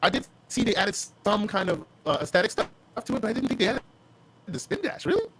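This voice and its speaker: A man co-hosting a gaming podcast, his fairly high voice swooping up and down with lively energy. He banters playfully like a hype man and keeps addressing people as "sir". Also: fast, noisy background. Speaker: podcast co-host. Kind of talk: casual gaming podcast chat.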